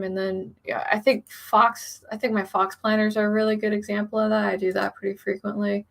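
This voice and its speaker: A woman's voice: mid-range voice, brisk, creaky. A young adult woman chatting casually on a live stream, reading viewer comments aloud and rambling about her plans. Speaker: author streamer.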